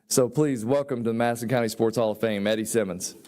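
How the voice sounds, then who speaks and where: A man's voice: medium pitch, fast, very noisy. A man emceeing a hall of fame banquet, introducing inductees in a folksy, admiring way. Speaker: master of ceremonies. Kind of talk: ceremony introductions.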